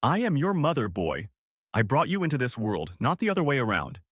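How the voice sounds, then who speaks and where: A man voicing a bitter, angry middle-aged mother who scolds her grown son, slightly raised in pitch. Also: very animated, normal speed, fairly bright tone, no room sound, studio quality. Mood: angry scolding. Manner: scolding, indignant.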